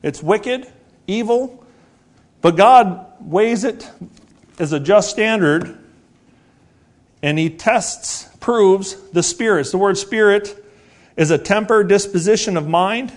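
A man in his forties preaching a sermon, earnest and repetitive, asking rhetorical questions and slowing down to stress key words. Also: high-pitched.

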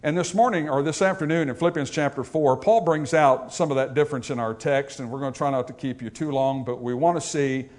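A pastor giving a funeral sermon, telling a story and explaining scripture in a conversational way. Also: male voice, mid-range voice, brisk, hardly any pauses, darkish tone.

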